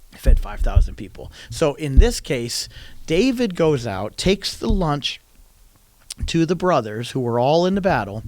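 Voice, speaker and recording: A man's voice: mid-range voice, a little mellow, no echo. A man preaching a sermon, retelling a story animatedly and acting out quoted lines in a raised voice.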